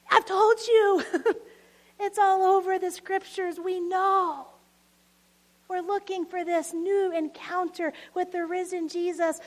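A woman preaching a sermon, telling stories in a lively way, laughing often and acting out the voices she quotes. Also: very high-pitched.

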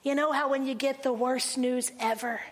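A woman pastor preaching a sermon, animated and laughing, dropping to slow, hushed phrases for emphasis. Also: high-pitched.

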